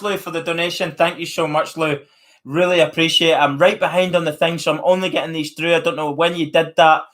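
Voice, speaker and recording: A man with a slightly high, fairly bright voice and a Northern Irish accent hosts a live stream. Hailing from Northern Ireland, he chats casually and amiably, reading out viewer comments along with their names.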